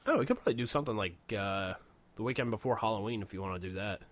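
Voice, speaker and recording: A man's voice: on the low side, rapid-fire. A man co-hosting a podcast in casual chat, loose and profane and laughing often. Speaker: podcast co-host.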